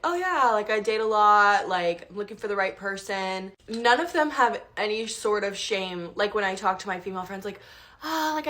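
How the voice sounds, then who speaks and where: A woman's voice: medium pitch, fairly bright tone. A woman giving a frank, exasperated opinion rant in casual speech.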